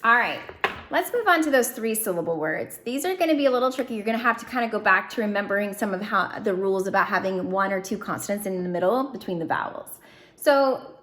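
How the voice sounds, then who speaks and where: A woman teaching a phonics lesson, drilling syllables slowly and clearly with encouraging prompts. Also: mid-range voice, expressive, fairly bright tone, a little hiss or hum. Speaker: reading teacher. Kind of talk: phonics lesson to young students.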